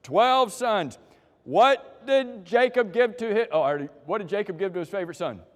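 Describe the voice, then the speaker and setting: A man's voice: sits high, animated, moderate pace, big-room sound. A man leading a church class through quiz questions, joking with the people who answer and calling on them by name. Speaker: Bible class teacher.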